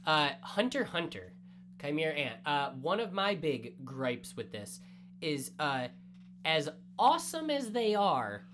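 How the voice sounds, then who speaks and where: A man co-hosting a casual anime review chat, talking in animated bursts with quick asides. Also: on the high side, slight background noise. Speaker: podcast co-host.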